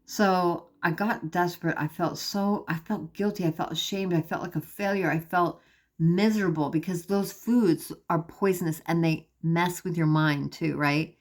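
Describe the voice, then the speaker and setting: A woman's voice: lowish voice, steady tone, moderate pace. A woman, talking straight to her viewers in an earnest, emphatic personal video diary. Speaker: vlogger.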